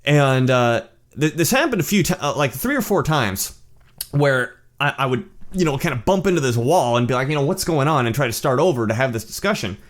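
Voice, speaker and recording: A man hosting his own channel, telling a personal story in a casual monologue, animated and blunt, swearing and often restarting his sentences. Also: mid-range voice, a little fast. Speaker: channel host.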